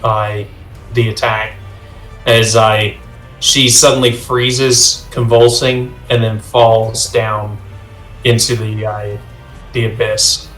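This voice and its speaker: A man narrating a tabletop game as game master over a video call, pausing often with fillers. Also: lowish voice, flat delivery, a bit bright. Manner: halting, many uh fillers. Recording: roomy sound with faint music.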